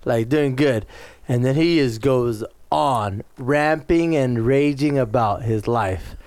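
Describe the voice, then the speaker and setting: A man's voice: medium pitch, slow, no echo. A man co-hosting a podcast, telling a crude story in casual chat and acting out the people in it. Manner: animated, swearing storyteller acting out quotes. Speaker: podcast co-host.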